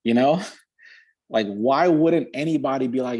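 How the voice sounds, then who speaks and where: A man giving an energetic motivational talk over a video call, driving his points home through repetition. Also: mid-range voice, measured pace, pauses often, husky. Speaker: guest speaker.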